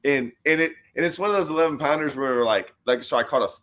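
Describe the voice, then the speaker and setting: A man hosting a casual chat as a pro bass angler, telling a long story and acting out quoted lines with animated voices. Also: quick pace. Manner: animated storyteller who acts out his own and others' quoted lines. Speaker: host and professional bass angler.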